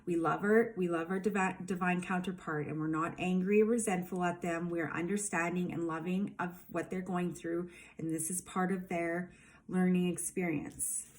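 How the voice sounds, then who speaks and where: A woman's voice: fairly low pitch, steady tone, moderate pace. A woman giving a casual tarot reading, emphatic and rambling, with lots of fillers. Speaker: tarot reader.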